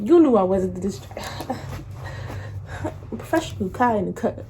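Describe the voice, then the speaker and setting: A woman's voice: normal speed, long pauses, slight background noise. Laughing young woman telling a storytime. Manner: animated, slangy, laughs often, acts out quotes in a higher voice. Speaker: vlogger. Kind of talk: casual storytime.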